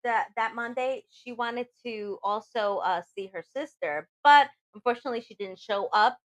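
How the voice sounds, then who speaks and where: A woman's voice: fairly high pitch, moderate pace. A woman co-hosting a radio talk show, chatting casually with frequent giggles and fillers.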